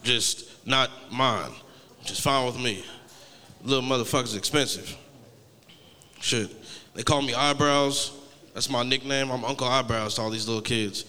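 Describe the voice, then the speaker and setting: Late-twenties male stand-up comic, sharp bright tone, loose and profane, slightly high, on a reverberant stage. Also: normal speed, clear, resonant tone. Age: 20s. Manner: laid-back, rambling, heavily profane. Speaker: stand-up comedian. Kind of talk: stand-up comedy set.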